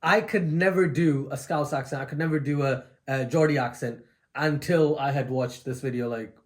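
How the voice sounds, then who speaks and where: A man's voice: mid-range voice, moderate pace. A man who is the guest co-host of a reaction video, chatting enthusiastically with lots of energy and frequent laughs. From England. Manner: enthusiastic, animated, laughs often. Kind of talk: casual reaction chat.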